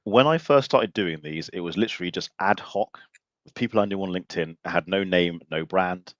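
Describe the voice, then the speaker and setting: A man's voice: deep voice, brisk, no room sound, lo-fi sound. A man hosting a casual live show, talking bluntly and animatedly and swearing freely. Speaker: podcast host. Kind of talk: casual livestream chat.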